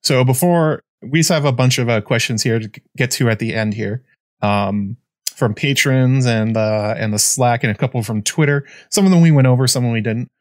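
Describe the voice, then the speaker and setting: A man hosting a podcast, chatting casually in a rambling, halting way full of fillers and restarts. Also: mid-range voice, dry recording, clean studio sound. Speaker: podcast host. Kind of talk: casual chat.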